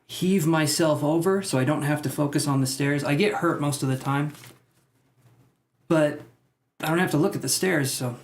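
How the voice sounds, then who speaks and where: A man's voice: fairly high pitch, normal speed. A man reading tarot cards for viewers on a live stream, chatting casually and joking about himself. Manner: joking, self-mocking, chatty. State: out of breath. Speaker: tarot reader.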